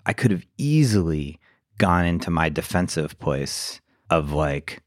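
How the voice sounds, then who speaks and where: A man co-hosting a podcast, talking in a reflective, halting way with lots of fillers. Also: low voice, lively intonation, no echo, studio quality. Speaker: podcast co-host. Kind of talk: casual podcast chat.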